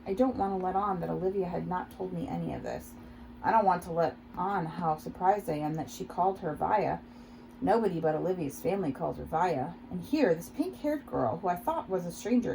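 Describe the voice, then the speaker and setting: A woman reading a first-person novel aloud in a steady, reflective manner. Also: lowish voice, vocal fry, slight background noise, poor audio. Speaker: audiobook reader. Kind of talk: first-person audiobook narration.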